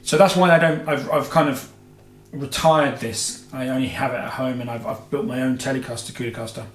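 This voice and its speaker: Casual male host, mid pitch, meandering and chatty, recorded in an echoey room. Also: fairly even intonation, fairly quick. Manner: rambling, heavy with filler "you know"s and self-corrections. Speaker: guitar show host. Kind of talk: casual Q&A chat. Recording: roomy echo with faint music.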